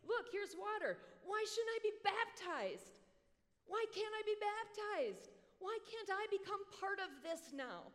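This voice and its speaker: A woman's voice: extremely high pitch, sing-song, fast, few pauses, voice pushed up, heavily acted. A woman preacher voicing an eager adult male official who asks earnest, pleading questions, in a large hall. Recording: long hall reverb.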